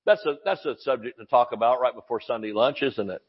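A man preaching a sermon in a church, excitable and exclamatory, asking the congregation rhetorical questions. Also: medium pitch, quick pace, husky. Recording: muffled sound in a reverberant hall.

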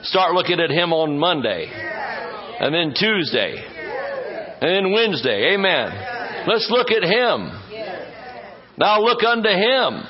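A slightly high-voiced male pastor preaches in a folksy, joking way, drawing out words to stress them. The recording sounds dull and muffled. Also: big pitch swings, measured pace, pauses often, crowd noise. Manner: folksy, joking asides, stretches words for emphasis. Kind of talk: sermon.

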